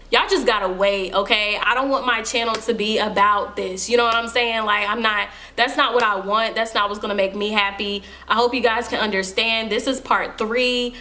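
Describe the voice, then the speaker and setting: Young woman, storytime vlog, casual, emphatic, slightly high pitch, faint background noise. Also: steady tone, normal speed, pushed and bright. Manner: casual, emphatic, addresses viewers as y'all. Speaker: vlogger.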